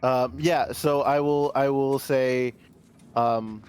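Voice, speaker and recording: A man's voice: mid-range voice, fairly even intonation, takes it slowly, darkish tone, clean tone. A man playing in a tabletop game, talking hesitantly with many restarts and fillers. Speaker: player.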